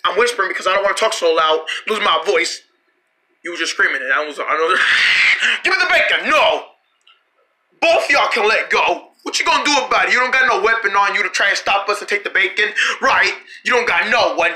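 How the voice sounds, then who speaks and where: A performer voicing every character in a playful improvised skit, switching between shouty squabbling voices. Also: medium pitch, animated, brisk.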